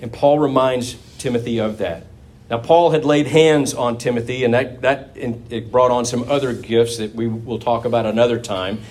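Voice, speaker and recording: A man's voice: mid-range voice, steady tone, normal speed, darkish tone. A man preaching a sermon to his congregation in a conversational, folksy manner, with asides to the listeners.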